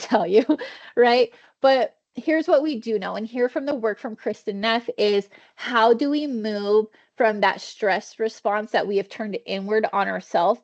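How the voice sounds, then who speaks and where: Female wellness trainer, conversational, acts out thoughts; gravelly edge, dull video-call audio. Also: medium pitch. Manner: warm conversational teaching, acts out inner thoughts. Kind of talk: virtual training session.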